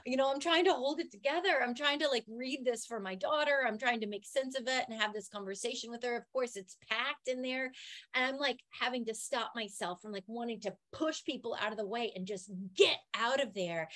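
A woman's voice: sits high, dry recording. Emotional woman telling a personal story. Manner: emotional, earnest, animated storytelling. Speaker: podcast host.

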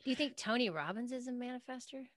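A woman hosting a podcast, who mostly gives short, encouraging reactions in a soft, often quiet voice. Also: fairly high pitch, animated, quick pace. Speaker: podcast host. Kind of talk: casual podcast conversation.

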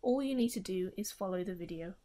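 A young woman from the United Kingdom giving a calm, clear voice-over that talks viewers through a timed warm-up and stretching routine. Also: medium pitch, a little fast. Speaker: taekwondo stretching instructor. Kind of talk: instructional voice-over.

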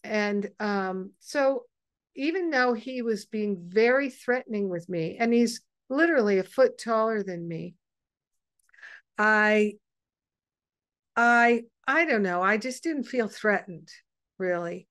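Woman host, unhurried and soft, wanders through a story with pauses; dry, close sound. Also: medium pitch, animated, clean tone, no echo. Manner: meandering and gentle, with frequent pauses and restarts. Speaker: host of an online spiritual gathering. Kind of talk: personal storytelling to an online group.

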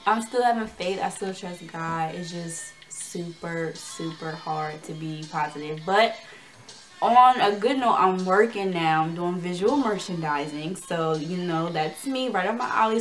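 A woman's voice: fairly low pitch, unhurried, fairly bright tone. A young woman vlogging, telling a story casually to the camera in a chatty, slangy way and acting out the dialogue with energy.

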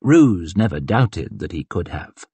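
A man narrating an audiobook in a wry, expressive reading. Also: deep voice, unhurried, breathy edge, no room sound. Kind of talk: scripted narration.

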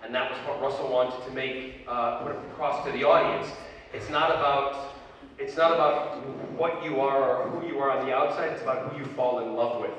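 A man on stage as a convention panel guest, telling an animated anecdote and acting out the others' voices. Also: medium pitch, moderate pace, highs cut off, a little hiss or hum. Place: large convention hall. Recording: echoey hall, distant mic, crowd.

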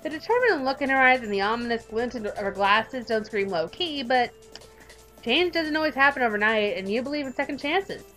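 Young woman, high voice, playful game narrator with light music under her. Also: a little fast. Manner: playful, giggly, expressive. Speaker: gaming YouTuber. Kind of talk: reading a visual novel aloud and chatting.

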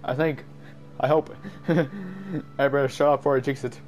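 A man giving jumpy, excited commentary while playing a game, easily startled and laughing at himself. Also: medium pitch, moderate pace, a little hiss or hum. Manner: jumpy, screams and laughs at scares, self-mocking. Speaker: gamer.

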